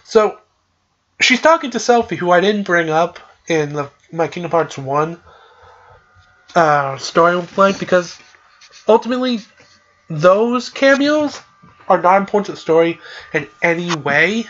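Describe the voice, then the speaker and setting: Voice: medium pitch, lively intonation, unhurried, long pauses, fairly bright tone, muffled recording. A podcast host casually recapping a game's story in a loose, rambling way, with lots of "like" and "uh". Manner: loose and chatty, with frequent "like" and "uh".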